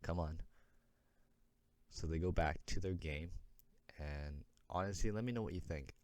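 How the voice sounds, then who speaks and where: Very low-voiced man recapping sports. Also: no echo. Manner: chatty, paraphrases players in quick asides. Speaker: host, sports commentator. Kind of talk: casual recap commentary.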